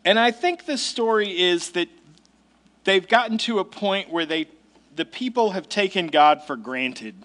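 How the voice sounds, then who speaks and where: A man's voice: high voice, expressive, unhurried, fairly bright tone. A male pastor giving a sermon in a conversational, emphatic way with casual asides.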